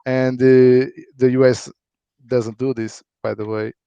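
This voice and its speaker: A man talking casually on a live stream, halting and full of fillers and repeated words. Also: mid-range voice, little pitch movement, dark tone, smooth, dry recording. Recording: dry, dull lo-fi audio.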